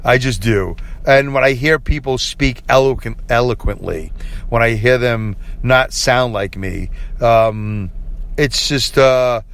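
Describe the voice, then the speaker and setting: A man's voice: mid-range voice, slow pace, a bit bright. A tired middle-aged man hosting a late-night solo podcast, talking candidly and rambling with many fillers and restarts. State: tired, yawning. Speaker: podcast host.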